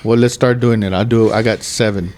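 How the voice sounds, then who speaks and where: A man's voice: on the low side, fairly even intonation, fairly quick, darkish tone, a little hiss or hum. A man in his thirties hosting a podcast, rambling and joking with heavy swearing in casual chat. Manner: profane, rambling, jokey. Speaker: podcast host.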